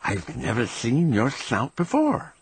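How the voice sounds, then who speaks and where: A man's voice: mid-range voice, huge pitch swings, takes it slowly, breathy edge, no room sound, full character voice. A man voicing a dazed, absent-minded old male professor rat who mumbles in puzzlement. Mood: puzzled.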